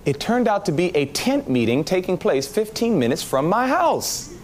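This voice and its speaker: A man preaching his testimony, telling the story in an animated way and acting out his own reactions. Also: high-pitched, moderate pace. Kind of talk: testimony sermon.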